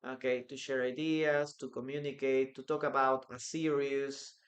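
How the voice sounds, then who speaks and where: A man's voice: medium pitch, level tone, moderate pace. A man with a Peruvian Spanish accent teaching English in a live online class, answering viewers' questions from the chat. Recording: echoey room.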